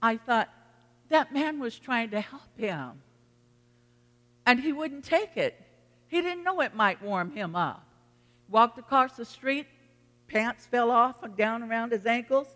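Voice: mid-range voice, lively intonation, measured pace, long pauses, sharp tone. A pastor preaching a sermon in a folksy, earnest storytelling manner, addressing the congregation from the front of a church. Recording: long reverb of a hall.

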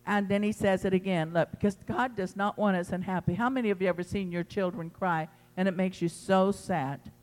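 A pastor preaching a sermon to his congregation in an impassioned, emphatic way, swinging between loud pleading and quiet teaching. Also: sits high, fairly even intonation, a little fast, hardly any pauses, in a large hall. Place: church sanctuary.

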